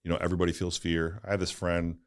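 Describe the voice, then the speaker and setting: A St. Louis-area donut shop owner, guesting on a casual interview podcast, speaks in a low, resonant, clear voice that stays completely flat and moves very fast. He tells personal stories earnestly and ramblingly, packed with "like" and "right?".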